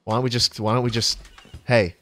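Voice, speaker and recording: A man streaming a roleplay game, bantering loudly, cursing and shouting jokes. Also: medium pitch, little pitch movement, soft background music. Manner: loud, profane, quick to shout and joke. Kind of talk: casual gaming banter.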